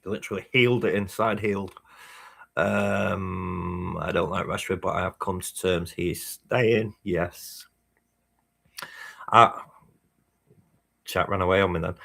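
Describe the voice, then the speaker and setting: Low-voiced man chatting casually. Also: steady tone, slow, creaky, long pauses, bright, forceful tone. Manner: casual, swears, reads chat messages aloud. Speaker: fan channel host. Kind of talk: live match watchalong chat.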